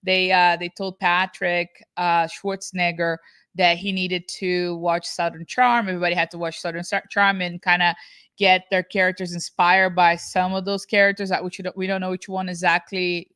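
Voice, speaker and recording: A woman's voice: on the low side, level tone, normal speed, fairly bright tone, clean tone, no echo, studio quality. A woman co-hosting a casual reaction podcast, chatty and talking with many restarts. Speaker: podcast co-host.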